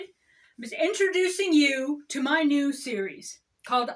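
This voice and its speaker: High bright-voiced woman rambling. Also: sing-song, unhurried, far from the mic. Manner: rambling, mock-commanding. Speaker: comedian presenting her own series. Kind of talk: comedic rambling introduction.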